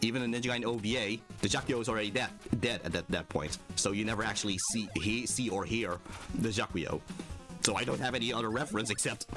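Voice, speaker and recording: A man's voice: on the low side, fast talker. A male game streamer giving casual, rambling commentary over his playthrough and laughing often. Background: game music.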